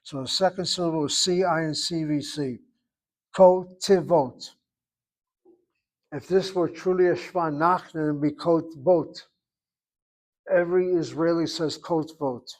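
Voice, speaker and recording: A man's voice: fairly high pitch, fairly even intonation, low-quality recording. A man teaching an online Hebrew class, correcting students precisely and spelling out syllables carefully. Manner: over-articulates words slowly.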